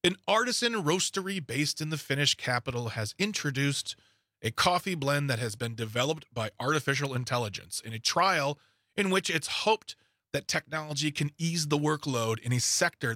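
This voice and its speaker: Guy with a bright kinda high voice reading headlines off a page, tripping on words, dry close sound. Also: expressive, normal speed, no room sound. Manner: reads news items aloud with asides and stumbles. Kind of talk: casual podcast chat.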